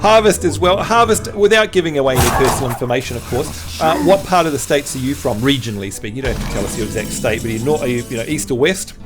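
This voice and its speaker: A man's voice: medium pitch, quick pace, hardly any pauses, music in the background. A man from New Zealand with a Kiwi accent tinged with Australian, commenting on a card game while chatting with viewers. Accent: New Zealand with some Australian. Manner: lively, chatty, rises when excited. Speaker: streamer. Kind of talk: game stream commentary with chat.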